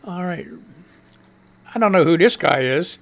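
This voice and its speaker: A man's voice: high voice, animated, unhurried, creaky. A middle-aged man hosting a live radio show, rambling and sarcastic, often repeating himself and trailing off. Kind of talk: casual chat reading comments aloud.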